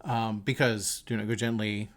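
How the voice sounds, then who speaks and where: Guy hosting a podcast, thoughtful and earnest, telling a story as he goes, middle-pitched voice. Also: normal speed. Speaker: podcast host. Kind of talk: reflective casual monologue.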